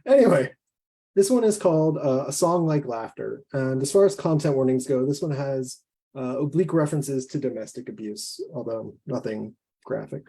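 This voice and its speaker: A man, a guest author, reading his own fiction aloud in a measured, deliberate way. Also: medium pitch, expressive, creaky, warm tone, slightly rough.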